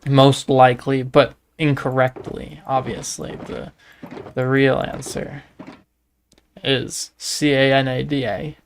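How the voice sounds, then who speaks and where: This livestreaming gamer has a mid-range, gravelly voice with a flat delivery and slow pace, and there's a little hiss or hum on the recording. With a Canadian accent, he chats casually over his game, rambling through jokey stories.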